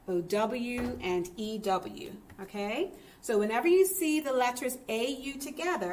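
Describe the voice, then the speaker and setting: A woman's voice: fairly high pitch, fairly bright tone. A woman teacher giving a children's phonics lesson, upbeat and encouraging, checking in with "okay?" often.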